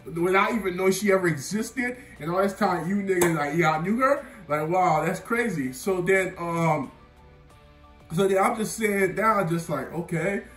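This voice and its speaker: With a high, fairly bright voice and a moderate pace, a young male vlogger rambles through a personal story, stuffing it with fillers and poking fun at himself. The casual storytime monologue was recorded far from the mic in an echoey room, faint music playing.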